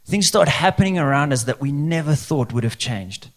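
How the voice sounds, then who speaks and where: Speaking at a moderate pace in a slightly high voice, a male pastor delivers a conversational sermon. He keeps it lively by asking the crowd rhetorical questions.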